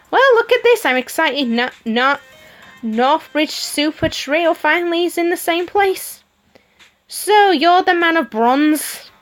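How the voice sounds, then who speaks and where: Bubbly woman streamer reading a choices game out loud, high voice, soft music in the back. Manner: giggly, comments between lines. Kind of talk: reading game dialogue aloud with playful voices.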